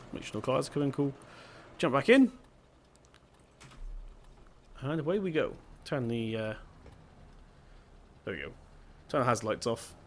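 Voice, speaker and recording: A man's voice: medium pitch, a little hiss or hum. A young man giving casual let's-play commentary as a gaming video host, chatty and rambling, often stopping to correct himself.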